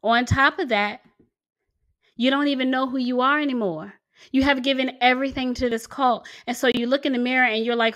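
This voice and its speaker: A woman in her forties speaks earnestly and presses hard on each point. Her voice sits a bit high. She talks straight to her viewers as the channel's host. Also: fairly even intonation, brisk, fairly bright tone. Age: 40s. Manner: earnest, emphatic, pushes harder when stressing a point. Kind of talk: commentary to camera.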